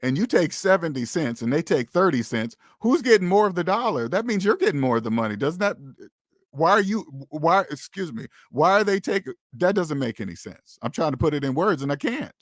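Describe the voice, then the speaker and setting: A man's voice: a little high, big pitch swings, a little fast, dry recording, studio quality. A man hosting a finance channel, talking to viewers in a casual, emphatic monologue full of rhetorical questions and repeated "okay?".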